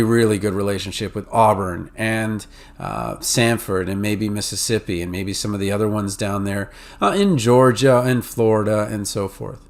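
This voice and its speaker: Man, New England accent, podcast host, casual explainer, filler-heavy talk. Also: mid-range voice. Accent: New England and Mid-Atlantic. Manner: conversational, many fillers and restarts. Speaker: podcast host advising pharmacy students.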